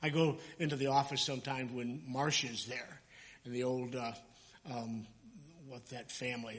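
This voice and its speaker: A man's voice: medium pitch, normal speed, a bit bright, long reverb tail. A male pastor giving a sermon in church, talking in a loose, conversational way, often stopping to correct himself and joking with the congregation.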